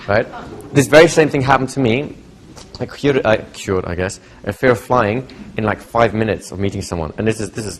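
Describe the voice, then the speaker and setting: A man teaching a live hypnosis workshop, telling stories with lively acted-out quotes. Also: lowish voice, slight background noise. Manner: lively storytelling, acts out quotes. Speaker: hypnosis trainer. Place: training seminar room.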